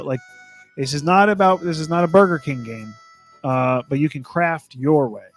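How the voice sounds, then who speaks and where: Podcast co-host, male, high voice, reads lists and cracks jokes, trips over names. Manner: joking, stumbles over game titles. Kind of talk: casual podcast chat.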